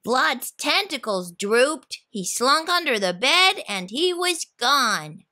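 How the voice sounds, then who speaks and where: A woman reads a children's picture book aloud with expressive, storytelling flair. Her voice sits high and she takes her time.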